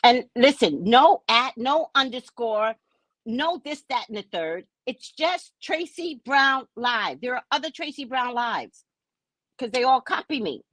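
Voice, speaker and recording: Loud-mouthed woman venting on a live stream, husky voice, big swoops up and down. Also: fairly high pitch, a little slow, no room sound. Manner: brash, profane, mocking, animated storytelling. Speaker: psychic reader and vlogger. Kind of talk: casual live-stream rant.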